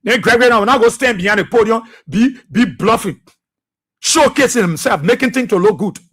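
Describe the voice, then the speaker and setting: High-voiced husky Liberian radio host, bright and fiery, preacher-like repeats. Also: male voice, brisk. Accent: Liberian English. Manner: fiery, repetitive, preacher-like delivery. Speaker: radio talk show host. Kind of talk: impassioned political commentary.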